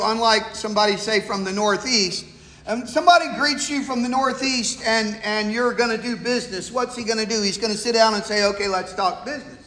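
A man's voice: high-pitched, a bit bright. A man preaching a casual, folksy sermon and reading scripture aloud, often asking his listeners questions. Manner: folksy, conversational, asks the congregation questions. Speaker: pastor. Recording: echoey hall with long reverb.

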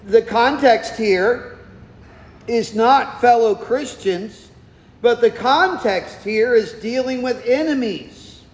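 Male pastor, very high voice, slow deliberate delivery, emphatic sermon style, roomy echo. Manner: emphatic preaching, slowing for stress, asking and answering questions. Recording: echoey hall, long reverb.

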